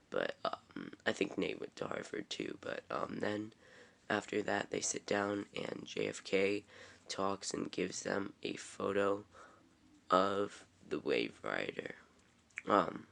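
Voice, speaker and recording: Low gravelly young man recapping casually. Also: a bit bright. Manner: rambling, filler-heavy, offhand. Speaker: TV episode reviewer.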